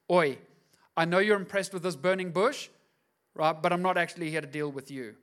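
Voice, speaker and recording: A man's voice: fairly high pitch, a little fast, fairly bright tone. A male pastor preaching a sermon, telling the story casually with slangy, acted-out asides to his congregation.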